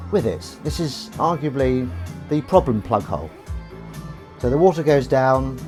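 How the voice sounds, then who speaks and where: A man's voice: mid-range voice, a little mellow. A man chatting in a rambling, playful, self-mocking way on a live stream while washing dishes at his kitchen sink. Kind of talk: casual live-stream chat.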